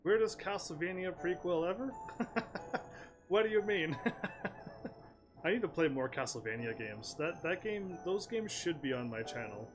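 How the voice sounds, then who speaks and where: A man's voice: on the high side, very animated, a little slow. A man casually commentating while playing a game, reading the dialogue aloud, often laughing and playful. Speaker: gaming streamer. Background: game music.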